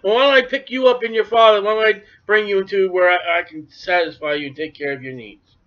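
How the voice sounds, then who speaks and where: Animated preacher man, high voice, lo-fi. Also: quick pace. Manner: animated, acts out biblical voices. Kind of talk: sermon. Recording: dull lo-fi recording.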